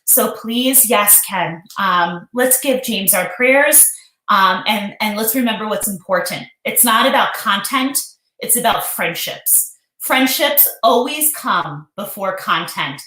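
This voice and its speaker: A woman's voice: mid-range voice, animated, takes it slowly, pushed and bright. A woman hosting a casual live stream, chatty and emotional, greeting viewers by name. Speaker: livestream host. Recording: echoey room.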